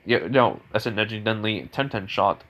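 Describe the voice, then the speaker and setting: A man's voice: lowish voice, moderate pace, fairly bright tone, dull audio. A man improvising a spoken fan story in a rambling, casual way, full of restarts and chuckles.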